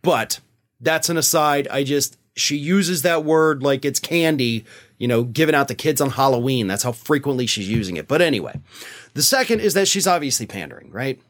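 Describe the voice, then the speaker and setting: A man's voice: medium pitch, animated, normal speed. A man hosting a political commentary show, talking in a sarcastic, indignant and mocking way.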